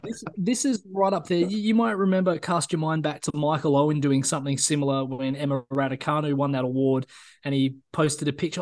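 A man's voice: a little high, fairly quick, a little mellow. A man co-hosting a casual sports podcast, blunt and opinionated, often repeating words as he starts. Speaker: podcast co-host.

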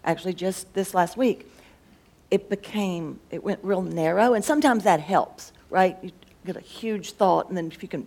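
A woman's voice: fairly low pitch, moderate pace, a little mellow. Rambling woman thinking aloud. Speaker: schoolteacher and co-host. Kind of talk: casual faith discussion.

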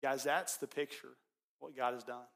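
A man preaching as a pastor, telling a story in his sermon and swinging between loud, excited passages and hushed ones. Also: medium pitch, normal speed, gravelly.

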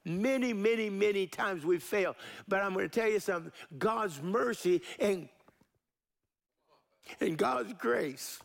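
Male pastor, middle-aged, high gravelly voice, sermon with call-and-response. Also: a little slow. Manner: call-and-response preaching, varying pace and emphasis.

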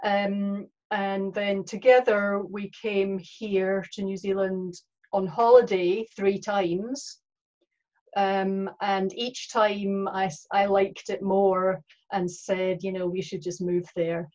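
A woman's voice: mid-range voice, level tone, slow, a little mellow, muffled recording. A Scottish woman, a guest on a podcast, chatty in casual interview talk, with frequent ums. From Scotland. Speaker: guest, horse trainer.

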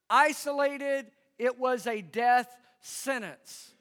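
High-voiced pastor in a reverberant hall. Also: male voice, fairly bright tone. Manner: emphatic, engages congregation with call-and-response. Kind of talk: sermon.

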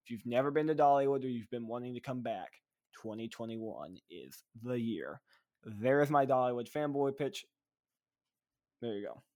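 Man, podcast co-host, casual chat, excited, rambling, lots of fillers. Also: medium pitch, moderate pace.

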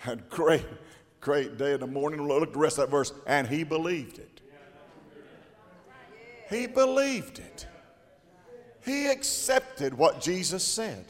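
A man preaching in a church sanctuary, his voice sitting high for a man. He stumbles and repeats words as he tells his stories, then swings up into loud, shouted lines. Long reverb trails each phrase around the hall. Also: animated, normal speed. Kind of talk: storytelling sermon.

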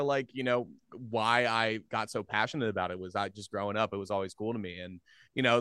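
Bright, clear-voiced young man chatting casually. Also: on the low side, no room sound. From Philadelphia area, USA. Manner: loose and rambling, heavy on fillers like "like" and "you know", laughs easily. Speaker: guest, social media creator. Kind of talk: casual interview chat.

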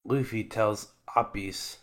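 Guy with a lowish voice doing a sweary laid-back episode recap. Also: fairly even intonation, slow pace. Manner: irreverent, swears freely, mock voices for characters. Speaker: podcast host recapping anime episodes. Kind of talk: casual recap chat.

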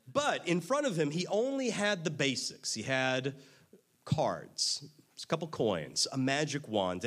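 Animated self-mocking male storyteller. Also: a little high. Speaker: magician telling a story. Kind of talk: comedic personal storytelling.

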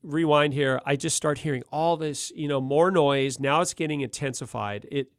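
A man's voice: on the high side, moderate pace, clean tone, no room sound, clean studio sound. A middle-aged man telling a wild story in casual, slangy chat, laughing often. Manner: laughs often, animated, slangy ("dude", "gnarly").

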